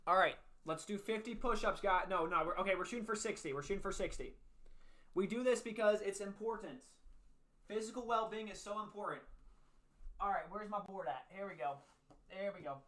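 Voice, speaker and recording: A young man hosts a casual faith livestream, upbeat and chatty as he reads and answers viewers' chat. His voice sits high with a sharp tone, and he's out of breath after doing push-ups.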